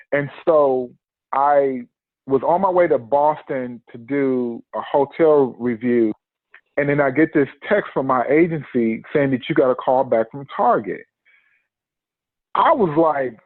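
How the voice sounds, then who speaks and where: A man's voice: mid-range voice, no room sound. A man telling a personal story in a podcast interview, acting out the quotes and laughing often. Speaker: podcast guest. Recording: tinny phone-line sound, dry.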